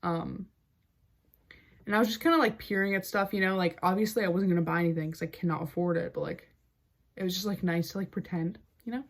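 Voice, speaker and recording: Chatty young woman, lower voice. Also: steady tone, fast. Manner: chatty, heavy use of "like" fillers; wry, amused storytelling. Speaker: podcast host. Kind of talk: casual storytelling chat.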